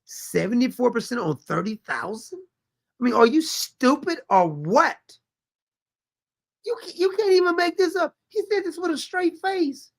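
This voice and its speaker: A man's voice: very high voice, animated, a little slow, creaky. A man hosting a commentary show, reacting to clips with sarcastic, exasperated mockery and reading viewer comments aloud.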